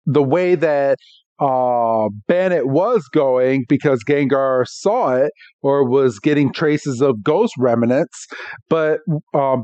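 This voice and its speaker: A man's voice: a little high, a little mellow, smooth, no room sound, dull audio. A man hosting a podcast, recapping a cartoon episode scene by scene in a casual way. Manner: retells scenes, acting out the characters' lines. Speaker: podcast host.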